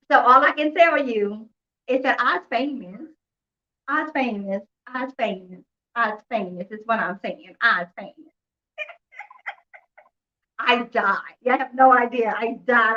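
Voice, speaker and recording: A woman hosting a couponing live stream, telling a story in a chatty, animated way, acting out the dialogue and laughing often. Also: fairly high pitch, takes it slowly, pauses often, lo-fi sound. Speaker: couponing livestream host. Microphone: phone or computer mic on a live stream.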